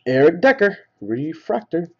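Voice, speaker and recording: A man hosting a live card break, calling out each card and getting excited over big pulls. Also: fairly high pitch, unhurried, lo-fi sound, a little hiss or hum. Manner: rattles off names, excited at big hits. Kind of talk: live card-opening commentary.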